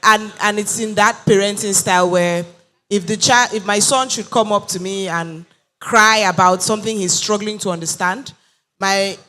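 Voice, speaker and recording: A woman talks in a bright, crisp tone. She makes her points earnestly and with emphasis, in the back-and-forth of a panel discussion. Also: mid-range voice, steady tone, normal speed. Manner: earnest, emphatic, acts out quoted voices. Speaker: panel guest.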